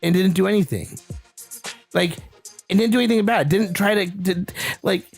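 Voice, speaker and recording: A man's voice: high voice, normal speed, vocal fry, soft background music. A man co-hosting a casual podcast, ranting with heated, swearing outbursts. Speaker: podcast co-host.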